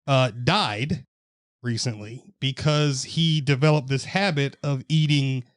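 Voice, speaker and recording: A man's voice: medium pitch, slow pace, smooth, no echo, clean studio sound. A young man co-hosting a casual podcast, joking and swearing freely while walking through a news story. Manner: loose, joking, swears freely, explains medical detail. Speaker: podcast co-host. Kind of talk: casual profane chat.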